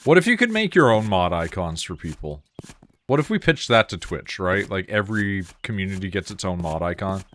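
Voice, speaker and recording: A man's voice: low-pitched, animated, fairly quick, fairly bright tone, a little hiss or hum. A man streaming a game, chatting casually with friends, joking and swearing loosely. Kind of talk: casual gameplay chat.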